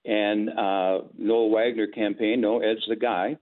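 A man's voice: lowish voice, slow. An older man, a former sportscaster and guest, telling anecdotes and acting out the quotes, over a tinny phone-like line. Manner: animated anecdotes with acted-out quotes. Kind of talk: storytelling interview.

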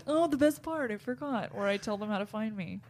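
A woman from Southern California co-hosting a podcast, telling stories in casual chat with a giggly, animated manner. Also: medium pitch, fairly quick, slight background noise. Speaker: podcast co-host.

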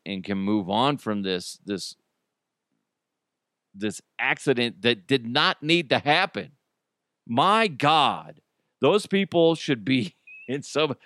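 A male podcast host gives casual news commentary, blunt and profane, often laughing. His pitch moves lively while his pace stays unhurried. The sound is dry and close. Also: no echo.

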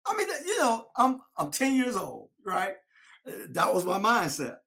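A man telling a lively story about his youth football days, acting out his old coach. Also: high voice, moderate pace, creaky. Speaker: former football player. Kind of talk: storytelling interview.

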